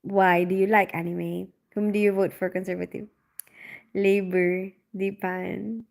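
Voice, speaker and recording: A woman's voice: mid-range voice, flat delivery, unhurried, gravelly. A woman hosting a casual livestream, chatting and reading viewer comments aloud with frequent laughs. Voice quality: loud on calls.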